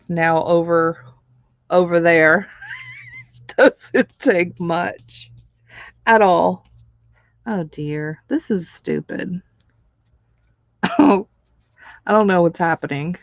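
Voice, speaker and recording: A woman's voice: fairly low pitch, dry recording, dull audio. A woman hosting a live stream, chatting casually with viewers while she crafts, laughing often.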